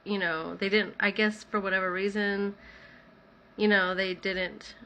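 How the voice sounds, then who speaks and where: A woman's voice: mid-range voice, flat delivery, unhurried, sharp tone, slight background noise. A woman casually telling her own story in the first person, talking in a loose, conversational way full of "like". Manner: conversational, many "like" fillers.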